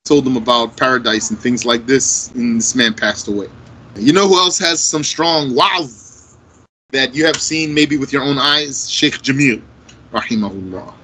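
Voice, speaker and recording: A man teaching a religious lesson, reading Arabic texts and explaining them slowly line by line in English. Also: medium pitch, bright, forceful tone, slight background noise, poor audio.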